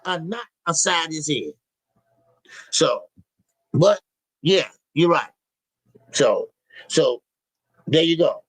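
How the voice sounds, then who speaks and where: A man with a high, slangy voice hosts a live boxing talk stream, chatting loosely and repeating himself as he reads viewer messages. The sound is dry and close, with no room around it. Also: expressive, takes it slowly, pauses often, breathy edge, no room sound, low-quality recording. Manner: loose, repetitive, slangy, profane. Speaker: boxing show host.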